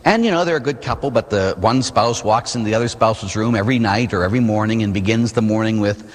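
A man, a Catholic priest, preaching an animated sermon that asks the listeners questions, recorded in a church. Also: fairly low pitch, fast talker. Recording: long reverb in a large hall.

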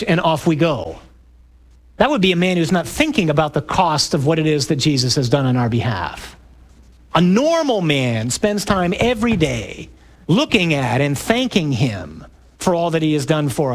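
A middle-aged priest giving an emphatic talk to a parish group, building up to loud exclamations. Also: male voice, a little high.

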